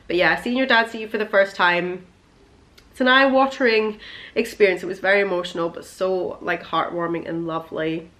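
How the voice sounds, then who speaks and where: Young woman vlogger, chatty and gushing, emotional storytelling, mid-pitched. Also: a bit bright. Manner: gushing, emotional, full of fillers.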